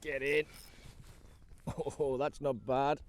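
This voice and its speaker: Excitable man fishing from a kayak. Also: mid-range voice, drawn-out words. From North East England. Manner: chatty, excitable, talks to the fish. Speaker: fishing vlogger. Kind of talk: casual running commentary while fishing. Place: kayak at sea outdoors.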